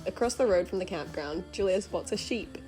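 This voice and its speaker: A woman narrating a travel vlog as a scripted voice-over, in a gentle, earnest, diary-like way. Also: fairly low pitch, animated, brisk, faint music behind.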